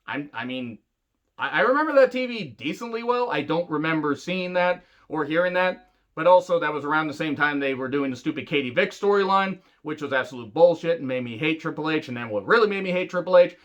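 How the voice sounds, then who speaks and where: Profane, animated ranting man. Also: a little high, a little fast, highs cut off. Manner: angry, sarcastic, heavy swearing. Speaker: wrestling reviewer. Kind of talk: profane rant review.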